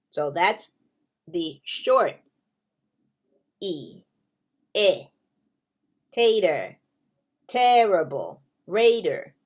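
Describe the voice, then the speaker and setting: A woman teaching English pronunciation to learners, speaking patiently and spelling out each example word with care. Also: lowish voice. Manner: drawn-out, carefully spaced delivery with examples.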